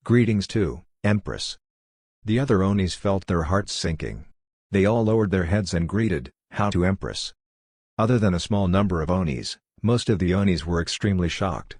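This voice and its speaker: Deep-voiced male audiobook narrator. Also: darkish tone, no room sound, clean studio sound.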